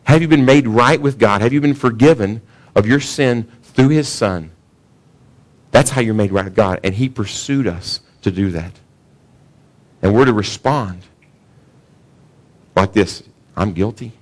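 A man preaching in a relaxed, conversational manner, with a voice on the low side. He keeps turning to the congregation with questions, as if talking with them rather than at them. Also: unhurried, long pauses. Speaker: pastor. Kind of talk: sermon. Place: church sanctuary.

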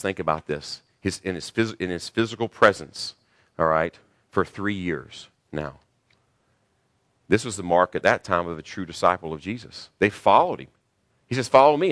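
Low-voiced guy preaching, earnest and punchy, dry sound. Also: no room sound. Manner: earnest preaching, rises to emphatic peaks. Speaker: pastor. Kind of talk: sermon.

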